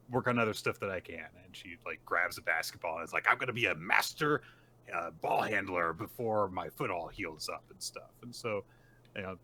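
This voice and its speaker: Deep, bright-voiced man recapping casually. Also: a little hiss or hum. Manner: retells scenes with frequent fillers and acted-out character lines. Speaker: podcast co-host. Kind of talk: casual chat recapping a manga chapter.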